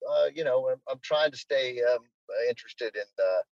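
A man's voice: mid-range voice, moderate pace, darkish tone, dry recording. A middle-aged man from Washington, D.C. talks as a podcast guest, gushing and rambling with plenty of fillers. His voice comes through slightly dull and lo-fi over a dry remote line. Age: 40s-50s. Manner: enthusiastic, rambling with many uh fillers. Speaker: guest, TV host. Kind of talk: casual interview chat.

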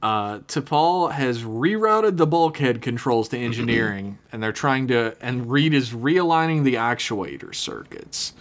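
A man co-hosting a podcast, casually recapping a TV episode, swearing freely and slipping into quick silly impressions. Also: mid-range voice, lively intonation. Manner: laid-back, swears often, slips into quick silly impressions. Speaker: podcast co-host.

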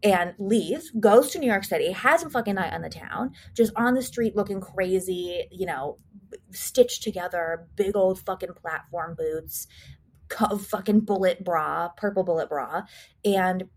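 A woman co-hosting a podcast, recapping a horror film in a profane, rambling, animated way. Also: mid-range voice, unhurried. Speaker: podcast co-host. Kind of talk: casual horror movie recap.

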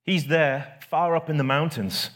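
A man's voice: fairly high pitch, measured pace, a bit bright. A man voicing the bitter, possessive ghost of a mother who speaks in a snappish, demanding way. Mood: curt.

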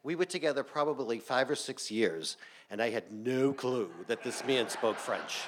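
A man spins a comic tale on a theater stage before a live audience. He is animated and salty, breaking into laughter as he goes. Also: medium pitch, normal speed, noisy background. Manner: animated, salty, laughs through his lines. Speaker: storyteller. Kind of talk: live storytelling.

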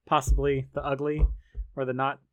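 A man's voice: mid-range voice, level tone, normal speed, phone-quality sound. A man hosting a video game podcast in casual chat, rambling and joking with his co-hosts and laughing often. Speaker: podcast host.

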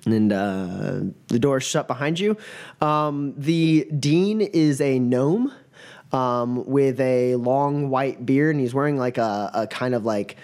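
A man narrating as game master, halting with many fillers. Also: mid-range voice, animated, a little mellow.

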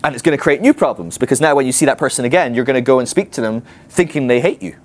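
A man's voice: mid-range voice, very fast. A man teaching a ministry class in a conversational way, often acting out what people might say to themselves. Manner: animated, conversational, acts out quoted inner voices.

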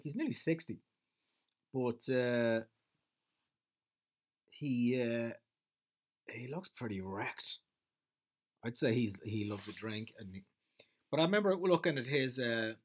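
A man delivering a profane, rambling comedic monologue as a podcast host. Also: mid-range voice.

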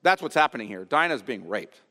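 A man preaching an expository sermon as pastor, earnest and explanatory, often pausing to restate a phrase. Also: medium pitch, very animated, bright, forceful tone, long reverb tail. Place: church sanctuary.

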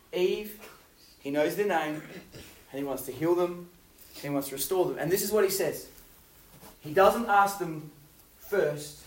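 A man preaching a youth sermon, telling stories with swings from loud to hushed. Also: fairly high pitch, a little hiss or hum. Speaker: youth pastor. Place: youth hall. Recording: roomy hall, voice from far off.

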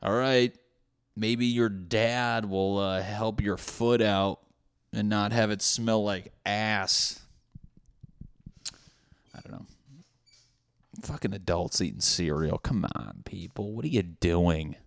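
A man's voice: on the low side, steady tone, slow, gravelly, long pauses. A man hosting a solo comedy podcast, rambling through profane tangents with laughing asides. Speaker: podcast host.

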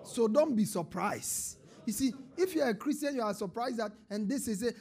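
Pastor, man, high-pitched, fiery live sermon, quiet then shouting, leads church call-and-response. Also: lively intonation, moderate pace, breathy edge. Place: church service before a congregation.

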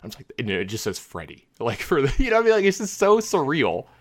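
Fast-talking man rambling through a story. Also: medium pitch, dry recording, studio quality. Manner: rambling, heavy filler words, animated retelling. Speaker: podcast co-host telling a story. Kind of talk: casual chat, storytelling.

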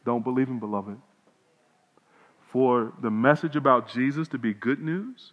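A male pastor delivering a sermon, moving between loud proclamation and quiet pleading. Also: medium pitch, unhurried, pauses often. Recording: lo-fi with long reverb, hall.

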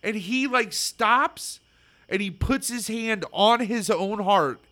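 Man, casual chat, rambling and excitable, slightly high voice. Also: slow pace, no room sound. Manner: excitable, rambling, filler-heavy storytelling.

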